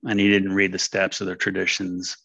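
An older man tells his story in a low, steady voice that barely rises or falls, with a bright edge to it. He talks candidly and rambles, with many fillers. The sound is close and dry. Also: a little fast, creaky, no echo. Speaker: speaker sharing at a recovery meeting. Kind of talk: personal testimony.

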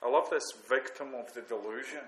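A man's voice: mid-range voice, fairly quick, fairly bright tone. A man reflecting candidly and with self-mockery on his own drinking and selfishness, often restarting his sentences. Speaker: recovering alcoholic sharing on the program. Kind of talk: reading aloud then personal reflection. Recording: roomy echo, faint background noise.

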